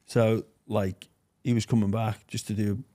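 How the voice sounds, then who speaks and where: A man's voice: on the low side, level tone, unhurried, warm tone. A man hosting a casual podcast chat, asking easygoing questions and chiming in with short replies. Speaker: podcast host.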